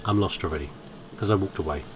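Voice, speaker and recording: A man's voice: deep voice, fast, noisy background. A man commentating his horror game playthrough in a playful, musing, self-mocking way. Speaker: gaming commentator. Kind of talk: let's play commentary.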